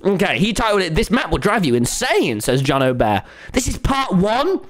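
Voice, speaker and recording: A man streaming a game live, talking to viewers and ranting excitedly at the screen. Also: high-pitched, normal speed. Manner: excitable, exasperated, swears and rants at the screen. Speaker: gaming streamer.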